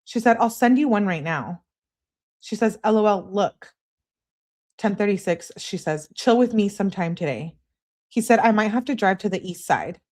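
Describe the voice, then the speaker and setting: A woman's voice: medium pitch, moderate pace. A woman hosting a live stream, reading out text messages and chatting casually with viewers between them. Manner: reads texts aloud in an animated way, chats to live viewers. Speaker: true-crime channel host.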